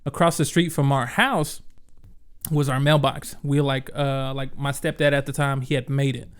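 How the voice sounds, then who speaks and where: A man co-hosting a podcast, telling a story in animated casual chat with lots of "like" and "bro", often breaking into laughter. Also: mid-range voice, normal speed, clear, resonant tone. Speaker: podcast co-host.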